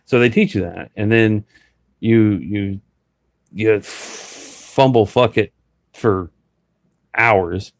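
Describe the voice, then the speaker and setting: A man talking casually and rambling with many fillers, a licensed auctioneer who breaks into a rapid auction chant. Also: fairly low pitch, no echo. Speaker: reseller and auctioneer. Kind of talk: casual live chat.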